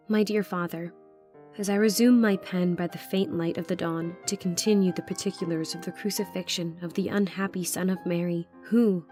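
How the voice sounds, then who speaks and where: A woman narrating a historical novel in letter form, solemn and measured. Her voice sits at an ordinary middle pitch, with faint instrumental music playing beneath. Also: darkish tone. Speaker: audiobook narrator.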